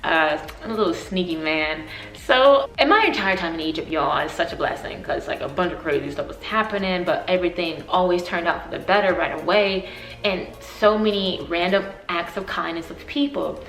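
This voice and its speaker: A woman in her twenties telling a story for her vlog, animated and emotional, often laughing. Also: on the low side, moderate pace, reverberant, faint music behind, rough recording. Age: 20s.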